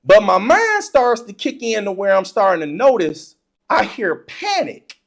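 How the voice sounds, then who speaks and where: Lively storyteller, voice jumps all over, laughs a lot telling a funny story from when they were a kid. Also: mid-range voice, measured pace, creaky. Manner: animated, laughs often, acts out childhood excitement; casual informal speech. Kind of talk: comedic personal storytelling.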